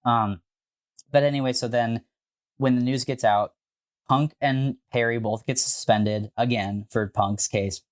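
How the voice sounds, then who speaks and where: A man co-hosting a podcast, telling a story in a casual, animated way with frequent swearing and filler words. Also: medium pitch, a little slow. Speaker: podcast co-host.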